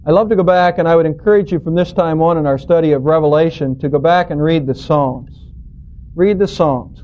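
High-voiced pastor teaching a sermon. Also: male voice, a little mellow. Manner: earnest, storytelling, emphatic. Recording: dull lo-fi recording.

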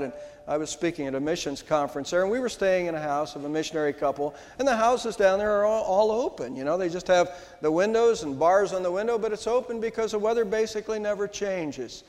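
An older man, a pastor, preaching an Easter sermon in a church, with emphatic rises and slow, stressed words. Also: high voice. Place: church sanctuary. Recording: long hall reverb.

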